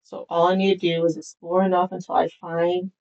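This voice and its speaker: Streamer: low-pitched woman, casual rambling game commentary. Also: flat delivery, fairly quick, darkish tone, muffled recording. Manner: rambling, with many fillers.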